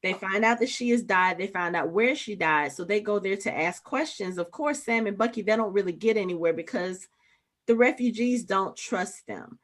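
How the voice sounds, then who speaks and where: A woman co-hosting a podcast, casually recapping a TV episode and quoting characters with lively emphasis. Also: mid-range voice, moderate pace. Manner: retells scenes, quoting characters with rising emphasis. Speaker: podcast co-host.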